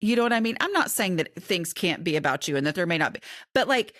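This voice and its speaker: A woman's voice: fairly low pitch, big pitch swings, quick pace, a bit bright, no room sound, studio quality. A middle-aged woman, an author and podcast guest, talking in a chatty, candid way and often interrupting herself. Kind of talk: casual conversation.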